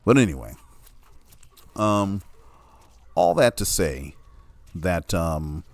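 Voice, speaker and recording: A man with a low voice gives an opinionated commentary monologue, blunt and full of profanity. He leans hard on his points and keeps checking in with the listener. The sound is dry and close, with no room echo. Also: animated, takes it slowly. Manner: blunt, heavily profane, emphatic; peppers speech with "you know what I'm saying".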